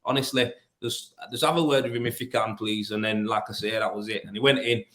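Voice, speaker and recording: A man's voice: lowish voice, steady tone, a little fast, a bit bright. A man with a broad Yorkshire accent, a plasterer telling blunt stories in a casual interview, full of restarts and fillers. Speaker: plasterer and business owner. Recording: roomy echo.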